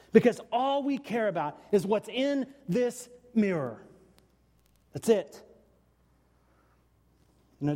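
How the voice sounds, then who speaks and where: A man preaching a conversational sermon, halting at times with restarts and sighs. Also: sits high, a little mellow, long reverb tail. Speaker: pastor.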